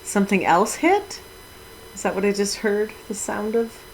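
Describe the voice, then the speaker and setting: Streaming a game on Twitch, a middle-aged woman talks casually with her chat and exclaims with mild minced oaths. Her mid-range, creaky voice has lively intonation at normal speed, on a rough recording with slight background noise.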